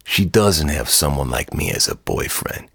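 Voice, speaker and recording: A man voicing a tough, mocking Italian pool hustler with a slow, taunting drawl. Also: rumbling low, expressive, fairly bright tone, slightly rough, no room sound, clean studio sound, exaggerated voice. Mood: amused.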